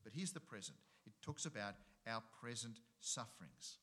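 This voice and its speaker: A middle-aged man preaching with a swinging, expressive pitch and a bright, forceful tone. He repeats key phrases and fires rhetorical questions at his listeners in an animated sermon delivery. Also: normal speed. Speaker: pastor.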